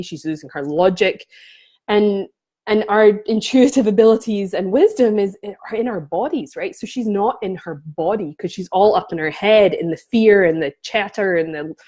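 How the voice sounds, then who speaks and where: Brief: female coach, casual vlog to camera, earnest and impassioned, mid-pitch, trips over her words. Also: dark tone. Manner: passionate, restarts sentences often. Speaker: spiritual coach.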